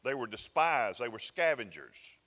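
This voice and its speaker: A man's voice: medium pitch, sing-song, moderate pace, pushed and bright, big-room sound. A male pastor preaching a sermon in a folksy, conversational way, often restarting his phrases. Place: church sanctuary.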